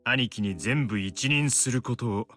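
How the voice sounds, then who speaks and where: An actor voicing a sly middle-aged brother in a visual novel, speaking in a casual, sarcastic, gruff way. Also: male voice, mid-range voice, fairly quick, a bit bright, faint music behind, lightly acted. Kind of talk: voiced visual novel dialogue.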